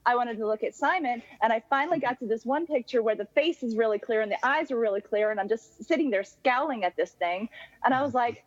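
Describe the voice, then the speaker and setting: A woman tells a story in a casual, excited way, with her voice rising as she gets into it. Her pitch sits a little high. The sound is dry and slightly dull. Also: fast, no room sound.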